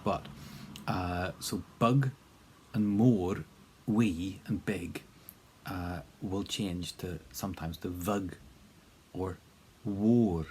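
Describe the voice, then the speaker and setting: A man's voice: low-pitched, very slow, long pauses, mellow, slight background noise. A man teaching a spoken language lesson in a casual, encouraging way, with plenty of fillers and repeated drill prompts.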